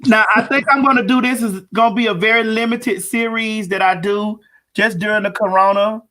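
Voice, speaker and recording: A man hosting a casual live-stream show, talking in a loud, sassy, playful way. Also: high voice, steady tone, a little fast. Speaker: host.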